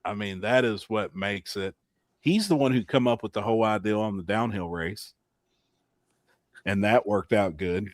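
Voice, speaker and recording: A man hosting a casual podcast, telling racing-weekend stories with lively acted-out quotes and frequent laughter. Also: fairly low pitch, moderate pace, dry recording. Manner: animated storyteller, laughs often, acts out quotes. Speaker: podcast host. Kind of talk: casual storytelling chat.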